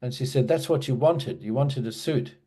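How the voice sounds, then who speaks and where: A man's voice: mid-range voice, normal speed, dark tone, breathy edge. A man casually telling a personal memory in an interview, hesitant, with many restarts and fillers. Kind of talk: casual storytelling.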